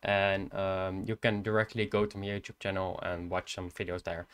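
Smooth-voiced Dutch man streaming a game. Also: low-pitched, flat delivery, moderate pace. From Netherlands. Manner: casual, hesitant with fillers. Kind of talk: casual game stream talk.

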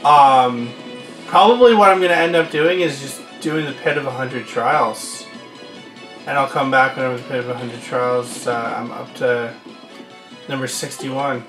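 A man's voice: mid-range voice, measured pace. A man giving casual gameplay commentary, rambling and trailing off with fillers. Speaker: game let's-player. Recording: roomy distant mic with game music.

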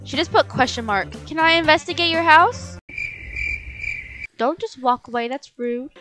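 A woman hosting a playful video game commentary, excitable, gasping and mock-outraged as she plays. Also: high voice, moderate pace, pauses often, music in the background. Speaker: gaming channel host. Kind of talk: excited Let's Play commentary.

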